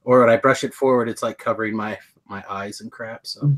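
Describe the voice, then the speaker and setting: A man's voice: on the low side, fairly even intonation, a little fast. Joking middle-aged man hosting a podcast. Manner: joking, rambling, hums tunes. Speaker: podcast co-host. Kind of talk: casual chat. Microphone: webcam video call.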